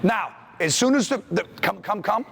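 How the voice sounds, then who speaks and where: A man coaching basketball players through plays in a school gym, calling out brisk commands. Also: high voice, expressive, creaky, a bit bright, breathy edge. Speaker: basketball coach leading a clinic. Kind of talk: on-court coaching drill instruction.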